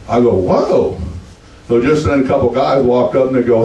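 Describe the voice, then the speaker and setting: A man's voice: mid-range voice, moderate pace, mellow, echoey room, far from the mic, rough recording. A man in his seventies with a Texan accent, doing stand-up and telling folksy stories in a drawl, voicing the people in them. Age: 70s. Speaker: stand-up comedian. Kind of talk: stand-up storytelling.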